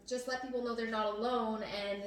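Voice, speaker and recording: A woman's voice: on the high side, steady tone, fairly quick. Earnest young woman, echoey room. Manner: earnest, with many fillers. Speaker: host. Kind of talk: casual chat. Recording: echoey room, mic at a distance.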